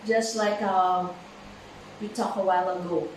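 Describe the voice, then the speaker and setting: Slow woman teacher in an echoey room. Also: fairly low pitch, steady tone, distant mic, slight background noise. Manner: slow, halting, many fillers and repeated words. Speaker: English pronunciation teacher. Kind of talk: slow classroom lesson.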